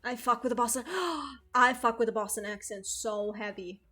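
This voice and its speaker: A young woman streamer from outside the United States chatting casually with her chat, rambling and excitable, swearing freely and packing her talk with fillers. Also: on the high side, normal speed, faint music behind.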